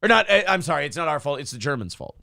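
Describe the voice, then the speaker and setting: A male host rants in a profane, animated way on a casual talk show. His voice sits a little high and swings lively up and down, with a dry, close sound. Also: very fast, no echo. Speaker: podcast host.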